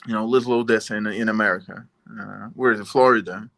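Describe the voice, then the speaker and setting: A man's voice: fairly low pitch, steady tone, fast, creaky, fairly bright tone. A man from Italy hosting a podcast, rambling in a loose, conversational way. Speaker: podcast host. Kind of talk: casual podcast chat.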